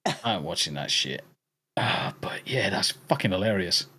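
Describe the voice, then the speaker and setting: A man's voice: sits low, very animated, normal speed, sharp tone, husky. A man with an English accent hosting a podcast, chatting casually with viewers in jokey, profane banter. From England. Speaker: podcast host. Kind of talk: casual chat with live viewers.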